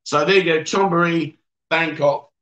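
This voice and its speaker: A man's voice: on the high side, steady tone, moderate pace, a bit bright. A man hosting a casual livestream, reading out viewer comments and teasing his guests. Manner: joking, teasing, chatty. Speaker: livestream host. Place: bar or venue indoors.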